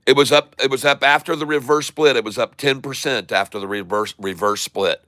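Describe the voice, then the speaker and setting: Man, day-trading commentary, bright and crisp, dry close sound. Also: medium pitch, dry recording. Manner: running commentary, repeating tickers slowly. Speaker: stock trading streamer.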